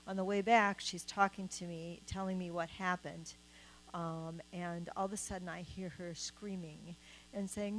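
A woman's voice: lowish voice, fairly even intonation, a little slow, fairly bright tone, slight background noise, rough recording. An older woman, giving a spoken testimony at church and earnestly telling her story. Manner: earnest storytelling, acts out the voices she quotes.

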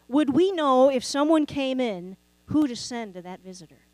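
A woman's voice: high voice, animated, measured pace, a little mellow, dry recording, rough recording. A woman preaching a sermon, talking conversationally and asking the congregation rhetorical questions. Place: church sanctuary.

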